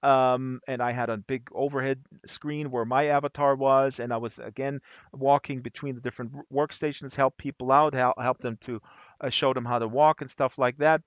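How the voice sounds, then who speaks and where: A man from Germany telling a story at an open mic in a casual, animated way, with many fillers and restarts, acting out the voices of the people in it. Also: medium pitch, normal speed, no echo, lo-fi sound.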